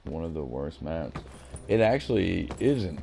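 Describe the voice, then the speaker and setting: Man, game streamer, casual gameplay commentary, very deep voice, rambling, chatty. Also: sing-song, unhurried, gravelly, warm tone.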